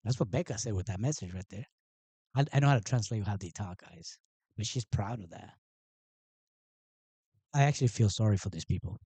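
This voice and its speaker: Low, dark-voiced man streaming live. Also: fairly quick, long pauses, slightly rough, dry recording. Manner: mocking, sarcastic, rambling. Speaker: livestream host. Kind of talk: casual live-stream commentary.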